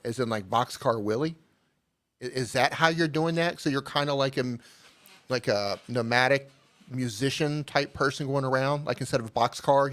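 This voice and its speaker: A man co-hosting a live-stream channel review game show, easygoing and candid, reasoning out loud as he critiques. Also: mid-range voice.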